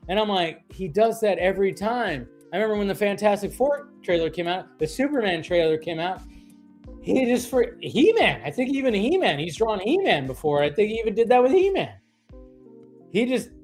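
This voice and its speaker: A man hosts a livestream with a slightly high-pitched voice and rants loosely about the latest news, stalling on fillers and restarting his sentences. He sounds exasperated and talks over faint music playing behind him. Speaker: livestream host. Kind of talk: casual ranting livestream commentary.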